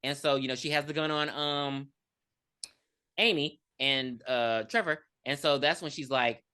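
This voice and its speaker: A woman co-hosting a podcast, casually recapping a movie, acting out characters' lines in high squeals and swearing freely. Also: fairly even intonation, measured pace, bright, forceful tone, clear, resonant tone. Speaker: podcast co-host. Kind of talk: casual movie review chat.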